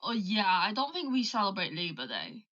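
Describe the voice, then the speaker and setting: A woman's voice: medium pitch, normal speed, lo-fi sound. A young woman with a British accent hosting a livestream, chatting casually with callers and doing playful accent examples. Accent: British English. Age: young adult. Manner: lively, plays with voices when giving accent examples. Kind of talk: casual chat, switching between English and Mandarin.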